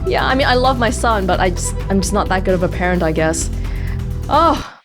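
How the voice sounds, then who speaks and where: A woman doing casual let's play commentary, excitable and rambling, often breaking into giggles. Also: medium pitch, normal speed, music in the background.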